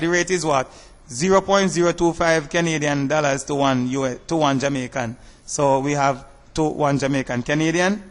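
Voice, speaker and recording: A man teaching a math lesson over slides, explaining step by step in a measured way and asking rhetorical questions. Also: on the high side, long reverb tail.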